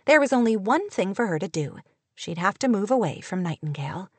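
Woman reading a novel audiobook, steady measured telling, mid pitch, super dry close mic. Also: breathy edge, dry recording. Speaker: audiobook narrator. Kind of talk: scripted narration.

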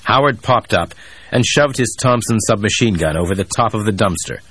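Deep husky male audiobook narrator. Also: fairly bright tone. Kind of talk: scripted thriller narration.

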